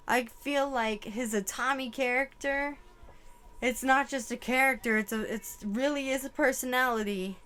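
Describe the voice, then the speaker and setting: A woman's voice: fairly high pitch, normal speed, a bit bright, smooth. A young woman giving an emotional channeled psychic reading, full of exclamations and swearing. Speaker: tarot reader.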